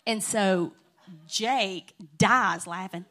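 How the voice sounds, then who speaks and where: Speaking at a measured pace in a mid-range voice, a woman addresses a church congregation in the sanctuary. Her funny stories come across chatty and warm-hearted, with frequent laughter.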